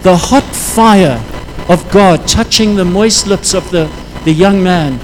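A man preaching a sermon, impassioned, his voice rising into loud prayerful pleas. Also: high-pitched, slow pace, a little hiss or hum, poor audio.

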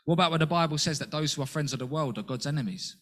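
Man preaching a sermon, earnest, lots of rhetorical questions, voice jumps up high for quotes. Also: racing, fairly bright tone. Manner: earnest, with rhetorical questions and sudden rises in pitch.

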